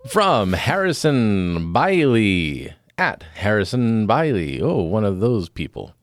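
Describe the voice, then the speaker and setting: A man's voice: fairly low pitch, very animated, takes it slowly, dry recording. A man hosting a comedy podcast, announcing segments in a wry, self-deprecating way. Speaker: podcast host.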